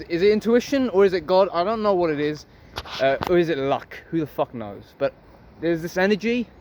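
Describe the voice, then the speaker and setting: High-voiced man musing aloud. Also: a little mellow. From Harlow, Essex, England. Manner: rambling, musing, swears freely. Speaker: vlogger. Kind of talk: casual philosophical monologue.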